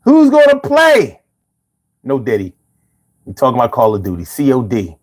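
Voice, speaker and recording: A man hosts a casual livestream, reading chat and talking with viewers in slangy, profane, rambling speech full of repeats. His medium-pitched, darkish voice swoops wildly in pitch at a normal speed, with his own bongos and faint music behind him.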